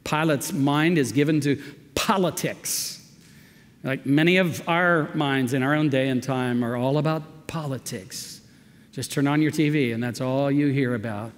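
A man preaching a verse-by-verse sermon as a pastor, talking conversationally and reading the text with emphatic, animated delivery. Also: medium pitch, measured pace. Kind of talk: expository sermon. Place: church sanctuary. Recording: long church reverb.

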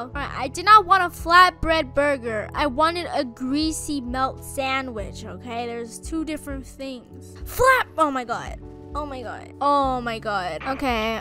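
A woman gamer narrates her own roleplay in a high, bright voice that leaps up and down. She talks in panicky bursts and repeats her exclamations. It is casual gameplay commentary. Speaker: gamer and channel host.

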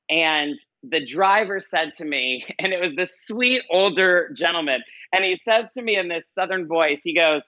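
A man's voice: fairly high pitch, bright, forceful tone, no room sound, highs cut off. A man speaking as a life coach guest on a podcast, telling stories in an earnest, emphatic way and repeating his key phrases. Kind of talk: conversational interview storytelling.

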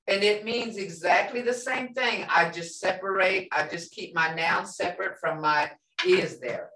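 Slow, patient woman teacher in a roomy space. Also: lowish voice, sharp tone, far from the mic. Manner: slow, patient explaining, repeating words with checks of "okay?". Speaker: language teacher. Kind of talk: classroom language lesson. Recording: roomy, off-mic classroom sound.

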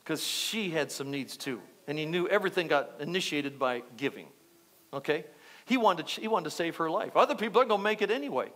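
Male pastor, high voice, lively repetitive church sermon. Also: a little fast. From United States. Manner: animated, repetitive preaching with asides to the congregation.

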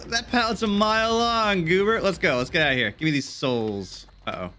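A young man giving casual, jokey gameplay commentary, excitable and swearing often. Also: high voice, normal speed, a little hiss or hum. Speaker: gaming YouTuber.

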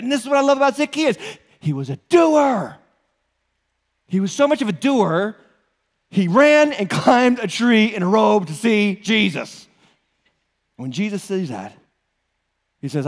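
Man, pastor, New England accent, high-pitched, animated sermon, rhetorical questions, long reverb. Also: measured pace, pauses often. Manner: animated, joking asides, rhetorical questions to congregation. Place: church auditorium.

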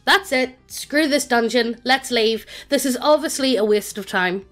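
A woman's voice: a little high, unhurried, a bit bright, faint music behind. A synthetic woman's voice reading the lines of a grumpy, impatient male fighter.

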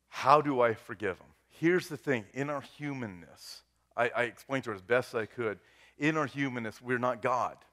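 A male pastor preaching a sermon in an earnest way, swinging between loud, rising appeals and quiet, hushed moments. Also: fairly low pitch. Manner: earnest preaching that swells loud and drops to a hush.

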